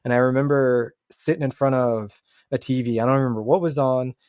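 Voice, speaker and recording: Male podcast host, relaxed and chatty, dry recording. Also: mid-range voice, a little fast, no echo. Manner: relaxed, many "you know" fillers. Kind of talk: casual interview chat.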